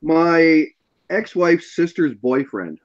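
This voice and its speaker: A man chatting casually and spinning a lively anecdote, with the occasional chuckle. The audio is dull and lo-fi. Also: on the high side, slow pace. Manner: animated anecdote teller, chuckling. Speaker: podcast host. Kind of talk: casual chat, storytelling.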